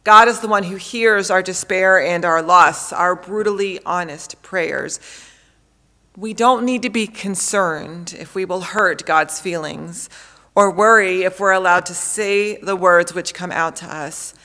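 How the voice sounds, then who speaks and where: Woman pastor, thirties, low-ish voice, slow deliberate sermon delivery. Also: bright, forceful tone. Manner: slow, measured preaching with emphatic repetition.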